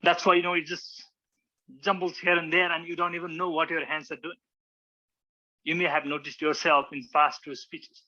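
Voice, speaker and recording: Bright-voiced man teaching public speaking. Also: on the high side, little pitch movement, moderate pace, muffled recording. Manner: demonstrative, acts out examples, frequent restarts. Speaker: public speaking club instructor. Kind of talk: informal teaching talk with slides.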